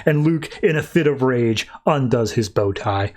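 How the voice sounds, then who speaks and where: A man's voice: medium pitch, lively intonation, a little slow, darkish tone. A man hosting a podcast, casually retelling a comic story in a chatty, loose way. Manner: chatty, loose, with fillers and asides. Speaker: podcast host. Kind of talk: casual comic book recap.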